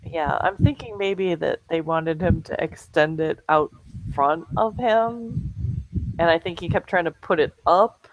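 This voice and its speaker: A woman's voice: on the low side, a little slow, no echo, dull audio. A woman co-hosting a comedic chat show, laughing often as she talks. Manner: giggly, laughs often while talking. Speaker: co-host.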